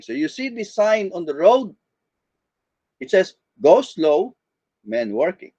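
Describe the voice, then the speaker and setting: Male teacher, lecture delivery; slightly high and very lively pitch, muffled dry recording. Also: slow pace, long pauses, slightly rough, no room sound. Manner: demonstrates intonation by acting out example lines. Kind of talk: online class lecture.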